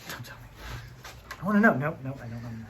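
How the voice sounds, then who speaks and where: A fast-talking DIY host with an animated, mid-range voice builds in a workshop, joking and chatting casually. They think aloud throughout this how-to session, and the recording is noisy.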